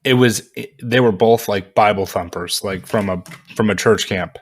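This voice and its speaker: A man casually reviewing a movie in a vlog, rambling and animated, with lots of fillers and frequent laughs. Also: on the low side, moderate pace.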